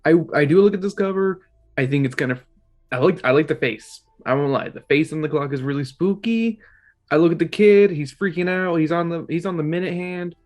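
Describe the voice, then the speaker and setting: Casual: guy rambling about book covers at home, kinda high voice, swears here and there. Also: a little fast, darkish tone, faint music behind. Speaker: book club host ranking covers. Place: home in an apartment.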